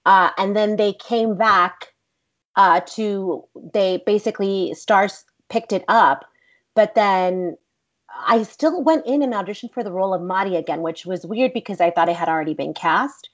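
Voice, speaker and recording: Animated Texan actress, interview guest, rambling anecdotes, slightly muffled recording. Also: female voice, mid-range voice, moderate pace. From Texas. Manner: animated, rambling, many fillers like "like". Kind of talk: casual interview storytelling.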